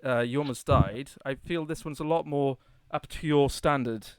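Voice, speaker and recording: A man's voice: mid-range voice, normal speed, smooth, no echo, close to an everyday voice. A man playing a young manservant who keeps correcting his master politely but wearily. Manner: dry, correcting, polite "sir". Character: young male manservant, exasperated but deferential.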